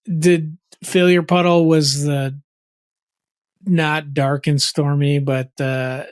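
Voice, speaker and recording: A podcast co-host in easy, casual chat who teases with dry jokes and keeps pressing for answers. The voice sits at a middle pitch. The sound is dry and close, with no room echo. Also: little pitch movement, takes it slowly, clean tone.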